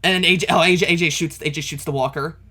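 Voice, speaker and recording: Higher-voiced man narrating comic panels. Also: steady tone, rapid-fire, sharp tone, husky. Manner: narrates panels step by step, correcting himself; openly dismayed commentary. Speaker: comic reaction video host. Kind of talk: reading a comic aloud and reacting.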